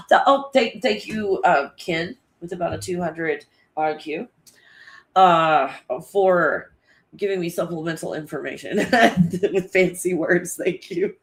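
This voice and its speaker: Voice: medium pitch, a little slow. A livestream host chatting casually with viewers and reading out their comments, in a rambling, loose manner that is full of swearing and frequent laughter.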